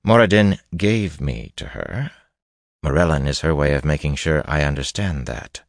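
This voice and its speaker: A man with a very deep voice voicing a cold, haughty woman who works magic while held as a maid, speaking curtly and coolly. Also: fairly even intonation, normal speed, dry recording, studio quality, close to an everyday voice. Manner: curt and cool, level delivery.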